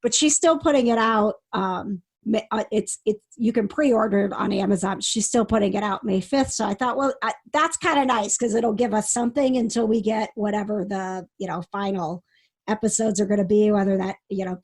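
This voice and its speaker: A woman's voice: mid-range voice, brisk, slightly rough. A woman co-hosting a casual podcast, chatting and giggling as she tells stories. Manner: chatty, giggly, restarts sentences. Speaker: podcast co-host. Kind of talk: casual chat.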